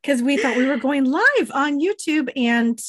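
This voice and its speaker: A woman co-hosting a podcast in casual chat, raspy from bronchitis, giggly and easygoing. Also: sits high, lively intonation, a little slow. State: recovering from bronchitis. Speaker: podcast co-host.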